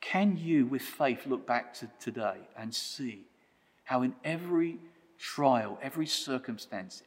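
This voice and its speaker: A male preacher delivering a sermon with earnest conviction, stacking phrase on phrase in steady rhythm. His voice sits at a middle pitch and carries with a long reverb through a church hall. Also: breathy edge. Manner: earnest, rhythmic repetition, quieting to prayer.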